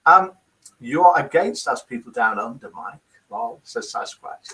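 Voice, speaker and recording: A man hosts a relaxed live chat stream, reading out his viewers' comments and guesses one by one. His voice is bright and keeps jumping up and down in pitch. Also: measured pace.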